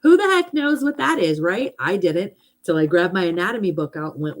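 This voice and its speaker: A woman's voice: fairly low pitch, lively intonation, a little fast, few pauses, rough recording. A middle-aged woman chatting casually and animatedly about affirmations and self-love, with lots of fillers. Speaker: host, hypnotherapist.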